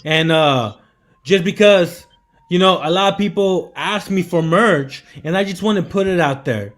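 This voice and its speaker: A young man, the guest on a live stream, telling animated stories in casual chat, often saying bro and man. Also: sits high, measured pace. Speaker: guest entrepreneur.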